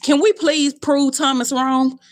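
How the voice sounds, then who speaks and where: A young adult woman live-streaming to her viewers, telling stories animatedly, cussing bluntly and jumping in pitch. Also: steady tone, a little slow.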